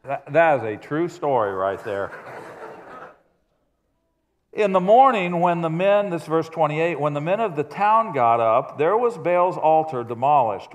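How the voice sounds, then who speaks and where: A man preaching from the pulpit with a somewhat raised pitch, moving easily between scripture and conversational, self-deprecating stories. His voice rings out with the long reverb of a large church sanctuary. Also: highs cut off. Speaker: pastor. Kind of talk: sermon.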